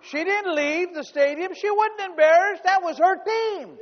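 Brief: high-pitched male pastor, sermon delivery, humorous stories that swell into shouting, long reverb, slightly muffled. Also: a little slow. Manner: storytelling with humor, rising to shouts.

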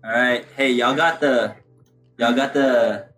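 A young man with a middle-pitched voice, talking in a laid-back, slangy way as he co-hosts a live stream. He greets viewers casually, with faint music in the background. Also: steady tone, takes it slowly, a bit bright. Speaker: podcast co-host.

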